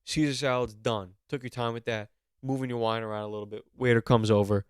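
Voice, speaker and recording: Young male podcast co-host, cocky mock-lecturing delivery, smooth tone, dry close mic. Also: medium pitch, fairly even intonation, fairly quick, no echo. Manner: brash, mock-instructive, profane. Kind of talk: comedic podcast rant.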